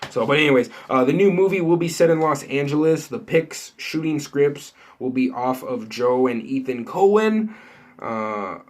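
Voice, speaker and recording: A man's voice: medium pitch, lively intonation, unhurried. Rambling, chatty man talking to viewers. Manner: rambling, many fillers and restarts, lots of "you know" and "like". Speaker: entertainment news vlogger. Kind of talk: casual unscripted chat to viewers.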